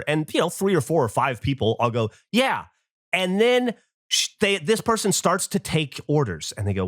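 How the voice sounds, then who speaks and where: Animated exasperated man ranting. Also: fairly high pitch, moderate pace, dry recording, studio quality. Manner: exasperated ranting, acting out little scenes. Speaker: podcast co-host. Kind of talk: casual podcast rant.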